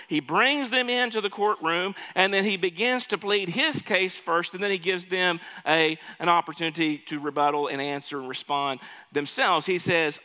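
High, bright-voiced preacher in a reverberant hall. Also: male voice, animated, moderate pace. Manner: preaching with big swings between loud pleading and quiet asides. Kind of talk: sermon.

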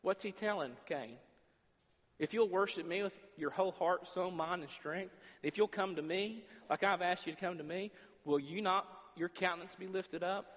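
A man delivers a sermon as pastor from a large church sanctuary, his fairly high voice carrying a long echo off the hall. He acts out dialogue in different voices and swings between loud and quiet passages. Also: normal speed. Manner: preaching with shifting volume, acting out dialogue with God.

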